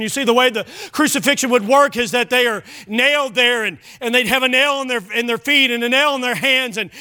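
Bright, high-pitched impassioned preacher man. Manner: impassioned preaching, often shouting; addresses listeners as friend. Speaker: pastor. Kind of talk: sermon.

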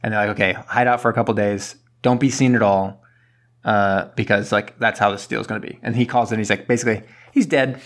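A man casually retelling a movie plot on a podcast, rambling and dropping into quick character impressions. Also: on the low side, fairly even intonation, fairly bright tone. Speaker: podcast co-host. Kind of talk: casual movie recap chat.

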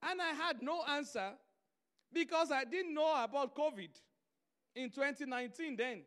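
A man's voice: very high-pitched, moderate pace, a bit bright. A man preaching a sermon, telling stories and driving his points home through emphatic repetition.

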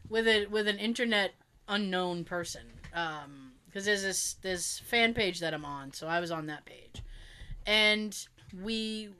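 A woman in casual chat, talkative and quick to laugh, often restarting her sentences. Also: medium pitch, pushed and bright, a little hiss or hum.

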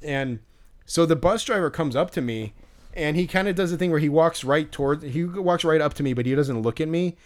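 A man's voice: fairly high pitch, brisk. Rambling man telling a story. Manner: rambling, many fillers and restarts. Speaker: podcast co-host. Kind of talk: casual storytelling chat.

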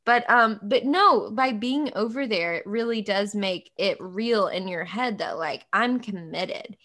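A young American woman hosting a podcast, telling stories in an animated way with frequent laughs. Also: mid-range voice, a little slow. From United States. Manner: animated storyteller, laughs often, acts out quotes. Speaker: podcast host. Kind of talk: casual interview chat.

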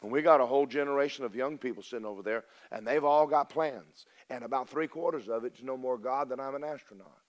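Folksy older preacher. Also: male voice, mid-range voice, fast, hardly any pauses. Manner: folksy and storytelling, swinging from loud to hushed. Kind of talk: sermon.

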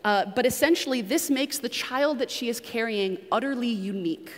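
A woman's voice: fairly high pitch, normal speed. A woman from New England giving a conversational teaching sermon and putting questions to the congregation. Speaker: preacher. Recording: long reverb of a large room.

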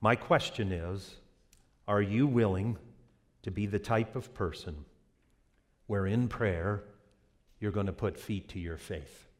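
A man pastor giving an impassioned, animated sermon with vivid storytelling. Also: lowish voice, slow, pauses often.

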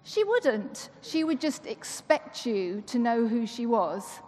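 A woman's voice: fairly high pitch, expressive, slow pace, darkish tone. A woman giving a chatty, playful sermon to a congregation in church. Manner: chatty and playful, asks rhetorical questions. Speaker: church member giving the talk. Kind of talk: conversational sermon. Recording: long reverb of a church hall.

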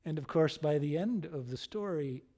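A man preaching a sermon, telling a story in an expressive, animated way. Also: a little high, moderate pace.

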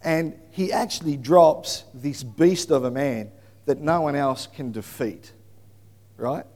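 A man preaching a sermon in an animated storytelling manner that bursts into shouting. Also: a little high, slow. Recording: long hall reverb.

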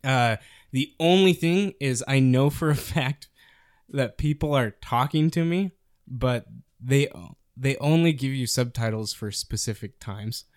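A man's voice: mid-range voice, a little slow, clear, resonant tone, no room sound. Young male co-host, chatty and rambling, clean resonant tone, dry room. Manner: rambling, animated storytelling with many fillers. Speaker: podcast co-host. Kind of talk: casual chat about video games.

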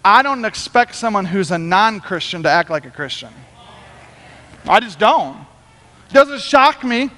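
A man preaching a sermon as pastor, talking in an animated, conversational way. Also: high-pitched, normal speed, pauses often, long reverb tail.

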